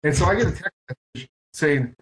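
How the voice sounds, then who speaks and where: A man's voice: a little high, animated, fairly quick. A man hosting a podcast, telling long, rambling, self-mocking stories in casual chat. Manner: rambling, self-mocking storytelling with lots of quoted back-and-forth. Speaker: podcast host.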